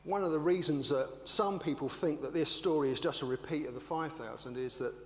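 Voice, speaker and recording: An older man, an English minister, preaching a sermon with animated, rhetorical storytelling. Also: fairly high pitch, a little fast. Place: church. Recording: echoey church hall with hum.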